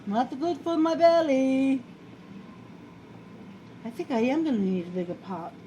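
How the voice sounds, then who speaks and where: A woman's voice: high voice, very animated, unhurried, warm tone, rough recording. A middle-aged woman with a New York accent, chatting and rambling as she cooks in her home kitchen, often poking fun at herself. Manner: chatty, rambling, self-deprecating. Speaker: home cook vlogger. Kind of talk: casual cooking chat to camera. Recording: home video with clear background noise.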